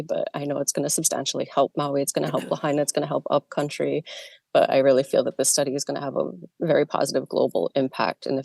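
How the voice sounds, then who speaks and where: A middle-aged nurse giving emotional, halting testimony by video call from her car. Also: low voice, gravelly, darkish tone, no room sound. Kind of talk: personal testimony.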